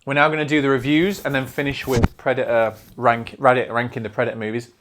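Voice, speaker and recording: A man's voice: mid-range voice, level tone, fast, fairly bright tone, slight background noise. A man with a Northern English accent hosting a casual film review show, chatty and digressive, often restarting his sentences. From north of England.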